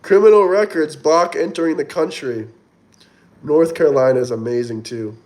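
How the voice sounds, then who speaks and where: Speaking at a moderate pace in a fairly high, slightly mellow voice, a man hosts a relaxed livestream. He reads out viewer comments and rambles loosely between them.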